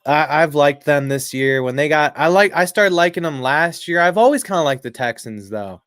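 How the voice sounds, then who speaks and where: A man doing casual live commentary on a football game with profanity, rambling asides and frequent throat clearing. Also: fairly high pitch, animated, normal speed, a bit bright, no room sound, clean studio sound. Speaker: live stream sports commentator.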